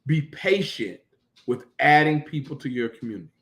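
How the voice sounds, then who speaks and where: A man's voice: medium pitch, expressive, moderate pace, a bit bright. A man preaching a sermon as pastor, building emphasis with repeated phrases. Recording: echoey room.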